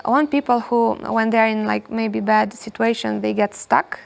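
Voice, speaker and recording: A young woman, telling a story as a podcast guest in a hostel, animated and repeating herself often. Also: fairly high pitch, normal speed, vocal fry. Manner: animated, repeats words, frequent "you know". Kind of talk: casual storytelling in English.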